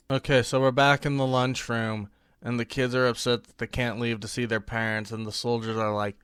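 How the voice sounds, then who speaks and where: A young man narrating a comedic movie review, exasperated and sarcastic, with loud outbursts and mumbled confusion. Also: medium pitch, steady tone, moderate pace, clean tone, no room sound, studio quality.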